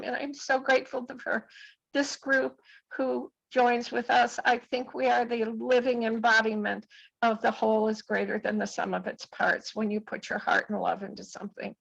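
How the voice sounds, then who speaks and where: Gravelly-voiced woman in her seventies. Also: on the high side, flat delivery, a bit bright, dry recording, lo-fi sound. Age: 70s. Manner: earnest, halting with restarts. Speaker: group call participant. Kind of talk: personal testimony.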